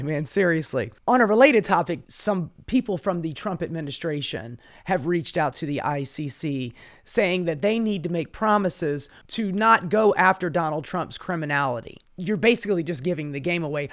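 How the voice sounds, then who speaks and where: A man's voice: a little high, lively intonation, normal speed, fairly bright tone. A man delivering a profane, sarcastic political rant, exasperated throughout. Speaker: political commentator. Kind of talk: ranting political commentary.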